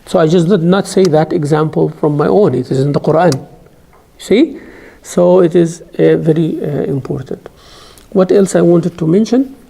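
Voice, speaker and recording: A middle-aged man teaching an Islamic studies class, emphatic and rising sharply on key points, reciting scripture in a rapid chant. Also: on the high side, gravelly, dark tone, breathy edge. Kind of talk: classroom lecture.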